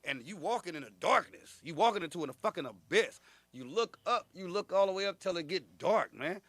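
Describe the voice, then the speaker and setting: A man in his thirties, a guest comedian telling animated, profane stories in a casual interview and acting out the people in them. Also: high-pitched, fairly quick, no room sound. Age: 30s. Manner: animated, profane storytelling with acted-out quotes.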